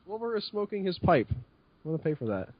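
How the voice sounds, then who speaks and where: A man's voice: high voice, sing-song, brisk, dull audio, a little hiss or hum. A man chatting casually and joking while playing a tabletop story game, laughing often and full of fillers.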